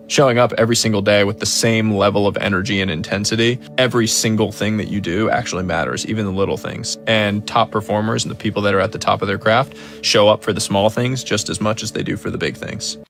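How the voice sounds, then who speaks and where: A man's voice: on the low side, brisk, vocal fry, a bit bright, faint music behind. A man speaking as a motivational speaker in a clip, with a firm, instructive delivery.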